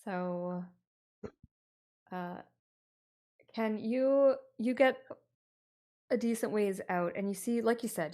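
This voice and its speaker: A woman narrates a tabletop horror game as game master. Her pitch sits in the middle, and she tells the scene slowly, with many pauses and fillers. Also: a little mellow.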